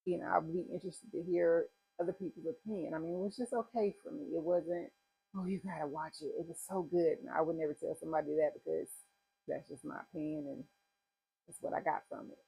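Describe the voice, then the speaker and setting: A woman's voice: low voice, steady tone, quick pace, gravelly, warm tone, husky, rough recording. A woman vlogger giving a rambling, chatty movie review in a casual talking style. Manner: chatty, rambling retelling with asides. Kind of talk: casual chat.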